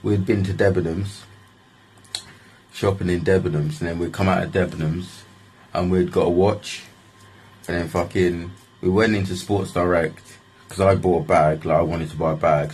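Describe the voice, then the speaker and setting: A man's voice: sits low, little pitch movement, normal speed, a little mellow, husky. A young man, telling a story in a casual, rambling way, full of swearing and "like". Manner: rambling, swears often, restarts lines with "like". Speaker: vlogger.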